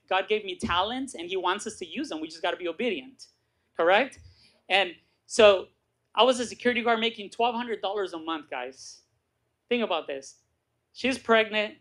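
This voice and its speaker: A middle-aged man giving a motivational talk to a live audience, telling his story with lively acted-out voices and asking "right?" again and again. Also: high voice. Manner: animated storytelling, acts out quoted voices, keeps asking "right?". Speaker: guest speaker. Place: meeting room with audience.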